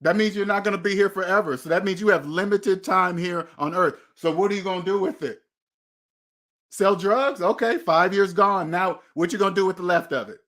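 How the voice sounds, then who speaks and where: A man's voice: high voice, fairly even intonation, a little fast, a bit bright. A man hosting a motivational money talk, preachy and emphatic, driving points home with repeated questions. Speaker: host.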